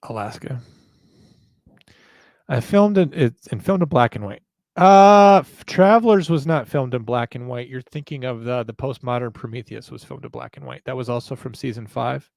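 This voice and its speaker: Male podcast host, gravelly, self-deprecating rambler, dry close recording. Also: mid-range voice, lively intonation, moderate pace, darkish tone, dry recording. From northern United States. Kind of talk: casual chat.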